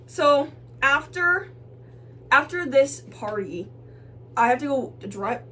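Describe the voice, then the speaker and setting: A young woman in a dorm room tells a story in a casual, lively way, her voice rising and falling as she swears and laughs her way through it. Her voice sits a little high, and she is a bit far from the mic, with a faint hum underneath. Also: takes it slowly, long pauses. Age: young adult. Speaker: vlog co-host.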